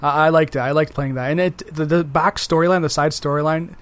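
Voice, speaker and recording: Eager man, slightly high voice. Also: steady tone, brisk. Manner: enthusiastic, repeats words while thinking. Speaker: podcast co-host. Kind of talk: casual game discussion.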